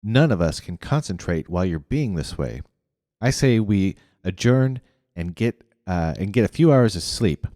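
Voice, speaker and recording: A man voicing a calm, steady boy who leads the group in a storybook reading. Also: low voice, no room sound, studio quality, big-room sound. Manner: calm, measured.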